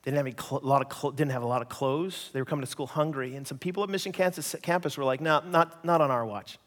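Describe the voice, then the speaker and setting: A Canadian man preaching a sermon, an animated storyteller who acts out voices and jokes at his own expense. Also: medium pitch, quick pace, big-room sound. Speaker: pastor.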